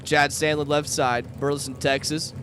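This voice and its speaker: A man calling drag races outdoors at the track in a steady, matter-of-fact way. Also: fairly high pitch, normal speed, a little hiss or hum. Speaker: drag race announcer. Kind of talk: live race commentary. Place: outdoors at a racetrack.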